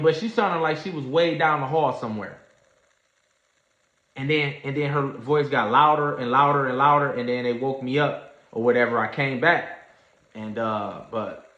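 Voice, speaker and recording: A man telling a story in a casual livestream, animated and slangy, acting out what others said. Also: a little high. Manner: animated storyteller, acts out quoted voices, Southern US slang. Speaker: trading streamer. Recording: echoey room, dull lo-fi sound.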